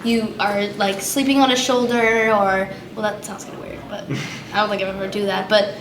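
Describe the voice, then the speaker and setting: A woman's voice: medium pitch, little pitch movement, normal speed. A female voice actress answering at a convention press conference, rambling and hesitant with lots of "like". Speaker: voice actress guest. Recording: echoey room with background noise.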